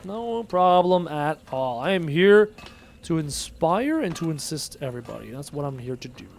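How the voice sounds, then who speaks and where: A man's voice: on the high side, sing-song, moderate pace, gravelly. A man streaming a game live, chatting and muttering to himself as he plays and reads chat aloud. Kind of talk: live gameplay commentary, reading chat aloud.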